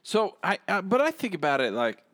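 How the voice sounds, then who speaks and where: A man's voice: sits high, wildly swooping pitch, fairly quick, a bit bright, no room sound. A man co-hosting a podcast, talking in a casual, rambling way. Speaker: podcast co-host.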